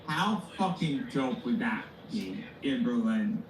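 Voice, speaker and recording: A man chatting casually on a call-in show, teasing with deadpan jokes and swearing freely. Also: medium pitch, slow pace. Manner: joking, profane, deadpan teasing. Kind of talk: casual chat. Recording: distant, roomy pickup with crowd noise.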